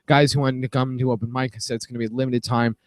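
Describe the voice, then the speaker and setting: A man's voice: medium pitch, flat delivery, fast, no echo. A man in casual podcast banter who rambles and laughs through his stories. His voice sits in the middle and sounds dry and close to the mic. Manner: loose, laughing, storytelling. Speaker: comedian and show promoter.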